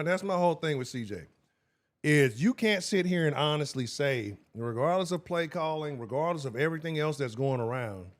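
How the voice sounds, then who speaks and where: Animated, profane man hosting a sports stream. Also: fairly high pitch. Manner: profane, heated and animated, talks to chat directly. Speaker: sports show host. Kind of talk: live-stream sports talk.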